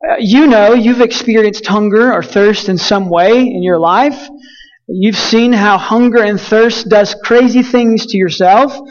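A man's voice: high-pitched, fairly even intonation, unhurried, dull audio. A young man from West Texas preaching a sermon, telling folksy stories with lots of fillers and restarts. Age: young adult. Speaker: pastor.

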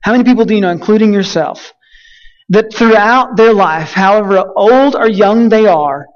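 A man's voice: high voice, normal speed, dull audio. A young man from West Texas preaching a sermon, telling folksy stories with lots of fillers and restarts. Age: young adult. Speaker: pastor.

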